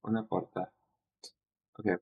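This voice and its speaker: A man thinking aloud while studying, hesitant and questioning himself, often trailing off into a quiet mutter. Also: on the low side, little pitch movement, normal speed, breathy edge, phone-quality sound. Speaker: streamer studying Italian.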